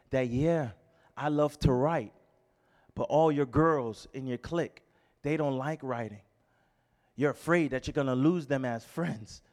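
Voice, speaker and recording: A man preaching a sermon as pastor, swinging between fervent shouting and quiet storytelling, with repeated rhetorical questions. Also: fairly high pitch.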